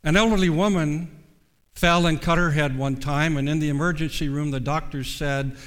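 A man delivers a sermon in a slightly high voice, earnest and measured, leaning on slow pauses to stress his points. His words trail off into a long, ringing reverb. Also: steady tone, fairly bright tone, smooth. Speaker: preacher.

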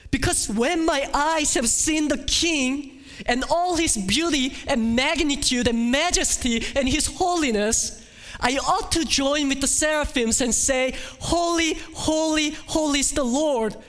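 An ancient prophet in anguish, crying woe in a strained, high, slow voice, as a preacher acts him out. Each cry rises and falls widely and hangs in a long hall reverb. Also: male voice, animated, exaggerated voice. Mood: despairing. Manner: high, slow, pleading cries.

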